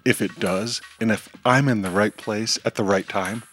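A man voicing a calm, methodical young superhero who speaks in a level, matter-of-fact way. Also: lowish voice, normal speed, faint music behind, close to an everyday voice.

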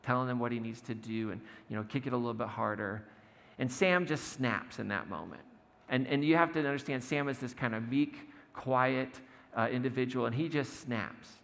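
Gravelly man preaching in a reverberant hall. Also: medium pitch, moderate pace, fairly bright tone. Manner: storytelling, acts out quotes with humor. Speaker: pastor. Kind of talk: conversational sermon.

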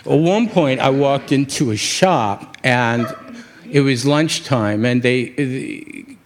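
A man from New York City telling a reflective personal story, often halting and restarting his words and chuckling at himself. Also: mid-range voice, a crowd in the background. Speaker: speaker sharing a personal story.

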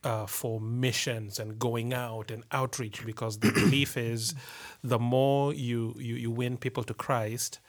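A man's voice: medium pitch, level tone, measured pace, hardly any pauses. Man chatting casually on a podcast. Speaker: podcast co-host. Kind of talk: casual chat.

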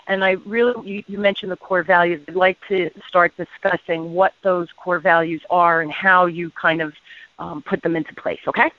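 A woman hosting a radio interview, chatty and quick to laugh, with quick asides. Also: lowish voice, fairly even intonation, no echo, phone-quality sound. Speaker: radio show host.

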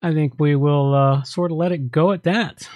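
A man's voice: a little high, fairly even intonation, normal speed, a little mellow, no echo. Rambling male podcast host, dry sound. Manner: rambling, with frequent restarts. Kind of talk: casual podcast chat.

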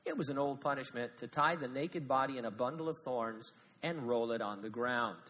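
A man preaching a sermon as pastor, animated, swinging from loud emphasis to hushed asides with jokes. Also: mid-range voice, brisk, in a large hall, rough recording.

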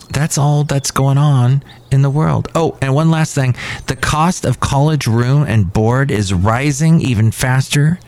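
A man hosting a casual podcast outdoors near a cafe, giving sarcastic, ranting asides. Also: medium pitch. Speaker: podcast host. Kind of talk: casual solo podcast talk. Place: outside a cafe.

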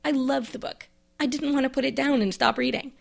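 A woman's voice: high-pitched, steady tone, brisk, creaky. A woman, a librarian, chatting casually about books she received, with bookish asides and enthusiasm. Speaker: librarian and podcast host. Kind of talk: casual book review monologue.

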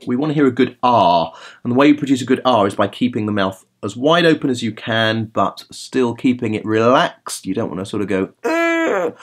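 Easygoing male vocal coach podcaster. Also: medium pitch. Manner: relaxed, rambling, with many fillers; demonstrates sung vowel sounds. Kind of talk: casual podcast talk with vocal tips.

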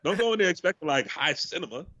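Male co-host, rapid slangy banter, lively pitch, dull lo-fi audio. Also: slightly rough, no room sound. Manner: fast, slangy, joking rants. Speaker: podcast co-host. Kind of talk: casual chat.

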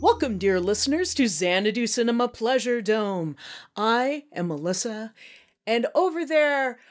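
A woman's voice: fairly high pitch, animated, measured pace. A woman co-hosting a casual movie podcast, chatty and giggly. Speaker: podcast co-host. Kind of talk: casual chat.

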